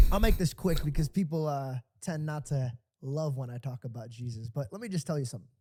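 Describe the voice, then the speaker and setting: A man's voice: fairly high pitch, lively intonation, normal speed, a little mellow. A young man in casual podcast chat, telling a story earnestly and acting out the dialogue. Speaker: podcast co-host.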